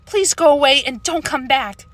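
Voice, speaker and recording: A woman's voice: sits high, normal speed, no echo, voice pushed up. A woman voicing a scared young girl who pleads and frets in an audiobook reading. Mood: pleading. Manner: pleading, excitable.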